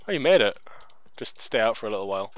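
A man's voice: lowish voice, big pitch swings, fast talker, fairly bright tone, no echo. Dry, teasing man commentating. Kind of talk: casual let's-play chat.

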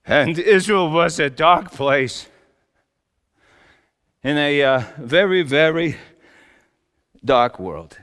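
A man's voice: a little high, lively intonation, takes it slowly, long pauses, fairly bright tone, clean tone. A man, a pastor, playing a wry and exasperated Joseph the carpenter in a joking, self-mocking first-person sermon monologue with big emphatic swings. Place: church sanctuary. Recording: long reverb of a church hall.

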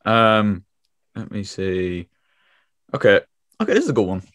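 Easygoing young man, low dry voice. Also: very animated, a little slow, fairly bright tone, no room sound. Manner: laid-back, swears freely, laughs often. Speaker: podcast co-host. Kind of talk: casual podcast chat.

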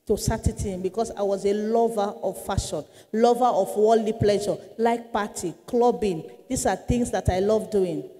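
A woman's voice: mid-range voice, normal speed, mellow, long reverb tail. Woman evangelist giving testimony. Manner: earnest storytelling, dramatic shifts. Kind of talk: testimony sermon.

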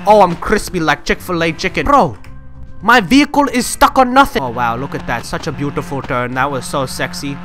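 A young man giving jokey, boastful gameplay commentary, swinging from mumbled asides to yelling. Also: fairly high pitch, animated, fairly quick. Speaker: gaming channel host. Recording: game music loud behind the voice. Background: loud game music and car engine sounds.

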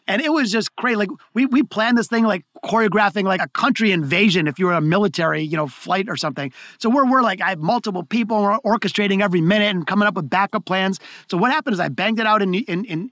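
A man with a high voice tells his stories in a rush, tripping over restarts and repeating words as he goes. The sound is dry and close, with no room in it. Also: quick pace, few pauses, fairly bright tone, no room sound. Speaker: guest, keynote speaker. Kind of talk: conversational interview storytelling.

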